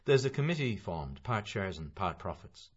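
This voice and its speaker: A man's voice: fairly low pitch, sing-song, moderate pace, husky, voice pushed up. A man reading an audiobook voices a mild, thoughtful middle-aged man who answers politely and evenly. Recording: dull lo-fi audiobook recording.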